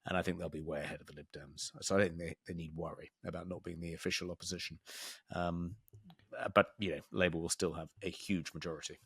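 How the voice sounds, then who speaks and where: A deep-voiced man co-hosting a political podcast. He pauses and restarts often, filling gaps with ums, in a dry, close recording with no room sound. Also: flat delivery, a bit bright, husky, dry recording. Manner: hesitant, many ums and restarts. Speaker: podcast co-host. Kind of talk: casual political discussion.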